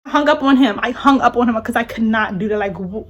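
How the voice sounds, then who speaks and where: A young woman vlogger telling a casual storytime, emotional and rambling, repeating herself as she talks. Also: medium pitch.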